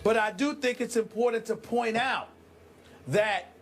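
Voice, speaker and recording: A man's voice: high-pitched, measured pace, faint music behind. A man co-hosting a sports debate show who talks in an emphatic, dramatic way and repeats lines for effect.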